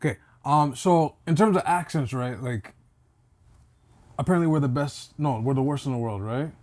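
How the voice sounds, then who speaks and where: A man's voice: mid-range voice, normal speed, darkish tone. A man on a podcast, stammering and asking puzzled questions. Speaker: podcast co-host. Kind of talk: casual podcast banter.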